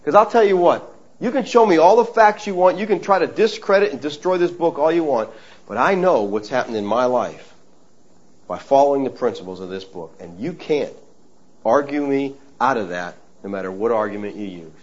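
A man's voice: medium pitch, expressive, normal speed. A middle-aged man preaching a sermon in a folksy, emphatic way, calling his listeners folks. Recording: dull lo-fi recording.

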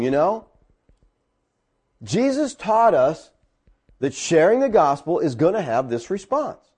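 A middle-aged man, a pastor, telling a personal story in a sermon and rising high when he gets excited. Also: a little slow, pauses often, breathy edge.

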